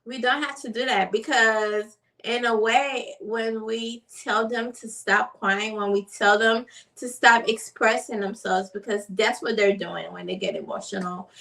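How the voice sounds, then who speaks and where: A woman's voice: fairly high pitch, fairly even intonation, a bit bright, recorded from a distance, low-quality recording. A woman, a mother, talking casually and earnestly to the camera with lots of "like" and "you know". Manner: unhurried, earnest, many fillers like "like" and "you know". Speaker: mother vlogger.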